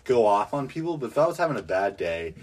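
A man's voice: mid-range voice, very animated, fast, slight background noise. A young man co-hosting a podcast, chatting casually with lots of "like" fillers. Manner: rambling, full of "like" fillers. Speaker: podcast co-host. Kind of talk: casual chat.

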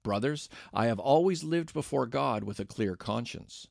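A man voicing the apostle Paul, a bold man defending himself with earnest, forceful pleading. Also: mid-range voice, animated, moderate pace, gravelly, dry recording, studio quality.

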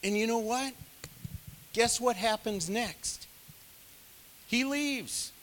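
A man's voice: very high-pitched, takes it slowly, a bit bright, big-room sound. A man leading a casual Bible study, talking in a rambling, digressive and self-deprecating way, full of conversational asides. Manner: many fillers, conversational asides. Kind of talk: casual teaching sermon.

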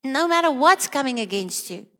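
A woman's voice: high-pitched, expressive, normal speed, fairly bright tone, in a large hall. A woman preaching a sermon, earnest and questioning, with many repeated rhetorical questions.

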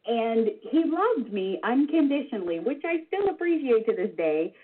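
A woman in her forties tells a funny story about herself, animated and self-deprecating. Her husky voice swoops widely up and down. It comes through a thin, phone-like line. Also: a little high, moderate pace. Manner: animated, self-deprecating, with vivid sound words. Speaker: regular storytelling contributor. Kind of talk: personal anecdote told to listeners. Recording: tinny phone-line sound.

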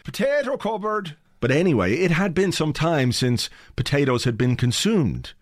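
Male podcast host, mid-pitched, rambling, swears freely, dry home-office sound. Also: big pitch swings, moderate pace, no echo. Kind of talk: casual chat. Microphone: home office mic.

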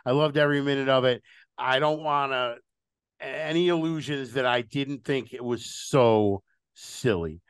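A man's voice: mid-range voice, unhurried, smooth, no echo, studio quality. A man hosting a podcast in casual chat, frank and opinionated with a wry edge. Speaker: podcast host.

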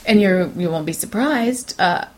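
A woman co-hosting a podcast in casual chat, tired from poor sleep, chatty and quick to laugh. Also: fairly low pitch, expressive. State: tired, yawning. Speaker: podcast co-host.

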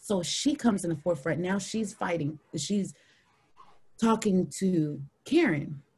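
A woman in her thirties, a podcast guest telling a story in an animated way, acting out the people she quotes. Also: measured pace, slightly rough. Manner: animated, acts out quoted people in high voices.

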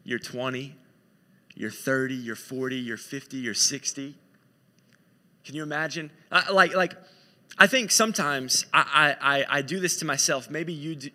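A man's voice: on the high side, pushed and bright, long reverb tail. A man preaching a sermon in a conversational, storytelling way, often repeating himself.

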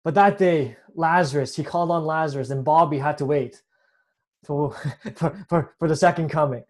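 A man's voice: fairly high pitch, moderate pace. A man preaching a sermon in an earnest way, often restarting with repeated words. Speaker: pastor.

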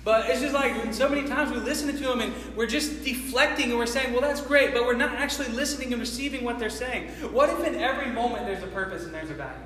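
A man's voice: extremely high pitch, quick pace, hardly any pauses, a bit bright. A man preaching a sermon, full of impassioned rhetorical questions. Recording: echoey hall from far off.

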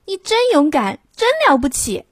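A woman voicing a small, timid young male toad in a storybook reading, in a high, eager child-like voice. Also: big pitch swings, moderate pace, darkish tone, husky, dry recording, clean studio sound. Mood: delighted.

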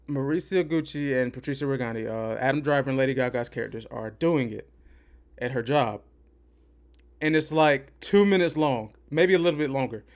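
Man ranting casually as podcast host. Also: medium pitch. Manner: opinionated, rambling, repeats himself for emphasis. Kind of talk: casual movie review rant.

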